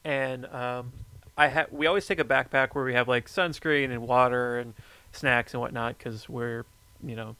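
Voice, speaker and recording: A man chatting casually, telling a story with lively energy and plenty of swearing. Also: medium pitch, normal speed, clean tone, no room sound. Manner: animated storyteller, swears freely. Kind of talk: casual chat.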